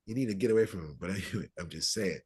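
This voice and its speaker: A man's voice: low voice, very fast, a little mellow, slightly rough. A man teaching a live class on spiritual ideas, talking in a conversational way, checking in with his listeners and acting out everyday quotes. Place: room with a live audience.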